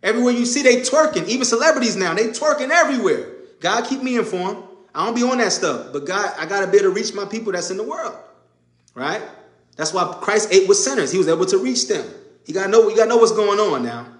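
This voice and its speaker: A man's voice: sits high, expressive, quick pace, reverberant. A man preaching an informal sermon, emphatic and conversational, repeating his points. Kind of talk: informal sermon to a live audience.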